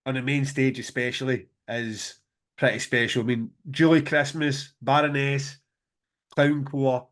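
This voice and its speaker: A man's voice: mid-range voice, flat delivery, a little slow, a bit bright. A man co-hosting a podcast, chatting enthusiastically and rambling with many restarts. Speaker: podcast co-host, festival promoter. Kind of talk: casual chat.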